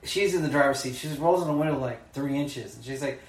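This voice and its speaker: Animated storytelling man, echoey room. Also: medium pitch, quick pace. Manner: animated storyteller, acts out voices, laughs often. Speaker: podcast co-host. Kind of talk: casual chat.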